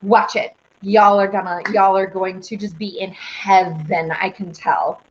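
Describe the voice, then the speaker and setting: Chatting on a casual live stream, a young singer-host reads viewers' comments aloud, rambling bubbly and squealing when excited. Her mid-range voice is unhurried, and the dull, lo-fi stream audio has a little hiss or hum.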